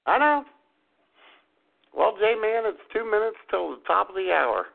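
Male podcast co-host, gravelly and husky, animated and chatty, phone-like sound. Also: high voice, unhurried. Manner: animated, laughs often, rambling asides. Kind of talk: casual chat. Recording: phone-like narrow band.

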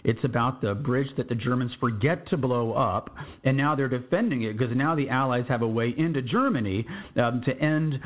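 A man's voice: mid-range voice, moderate pace, few pauses. Tinny-sounding man telling war stories. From San Antonio, Texas. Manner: conversational, digressive, with asides. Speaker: veteran podcast storyteller. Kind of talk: first-person war storytelling.

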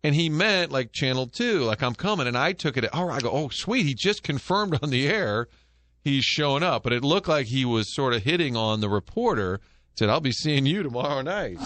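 A man's voice: medium pitch, dry recording. Man, middle-aged, sports radio host, storytelling, joking, studio mic, dry close sound. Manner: storytelling, animated, quick jokes. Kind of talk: casual sports talk banter. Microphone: studio microphone.

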